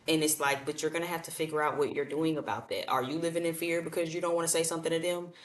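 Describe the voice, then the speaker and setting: A woman with a very low voice reads tarot for her viewers in a blunt, colloquial, repetitive way. She talks to them directly. Her voice echoes around the room, picked up from a distance. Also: steady tone, quick pace, few pauses. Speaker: tarot reader. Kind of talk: casual tarot reading. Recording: echoey room, far from mic.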